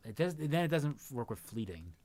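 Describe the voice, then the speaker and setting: A man's voice: mid-range voice, sing-song, normal speed, darkish tone. A man hosting a casual livestream, musing aloud and reading word lists off the screen. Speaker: stream host.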